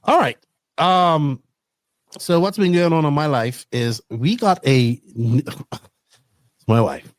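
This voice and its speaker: A middle-aged man with a slightly high voice tells stories in a lively, animated way and swears freely. He talks like a podcast host in a casual chat. The sound is dry and close. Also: slow, pauses often, no echo.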